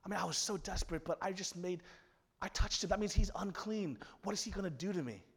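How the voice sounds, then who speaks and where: A man voicing a desperate, fearful woman who speaks in a hushed, half-whispered way while telling a sermon story. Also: high-pitched, a little fast, big-room sound.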